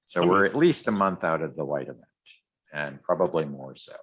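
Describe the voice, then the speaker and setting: A podcast co-host speaks into a podcast mic in a rumbling low, husky voice that's a bit bright and very expressive. He talks quickly and casually through a comic recap, rambling with plenty of ums and restarts.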